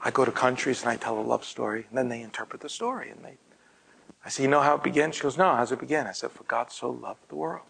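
Gravelly guy preaching, tells a story then goes all hushed and breathy, bit of hiss behind. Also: mid-range voice, fast talker, rough recording. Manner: drops to a hushed, breathy near-whisper. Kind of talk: storytelling sermon.

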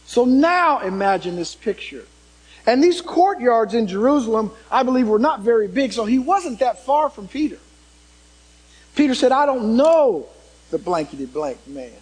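Man preaching a sermon, wide-ranging voice, kinda husky, asks the crowd questions. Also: sits high, rough recording. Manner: dramatic, swings from loud emphasis to hushed tones.

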